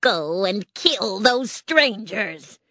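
A woman voicing a cruel, furious old witch in a storybook reading, giving slow, drawn-out commands. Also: mid-range voice, lively intonation, pushed and bright, dry recording, pitched above the performer's own voice, exaggerated voice.

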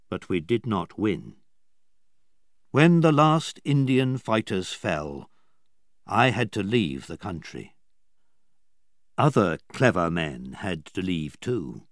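A dying old captain speaks with slow, grave firmness, as a man reads him aloud. The voice sits low but rises and falls widely, without hurry, in a storybook telling. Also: no echo, clean studio sound, full character voice. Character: old dying male submarine captain, proud.

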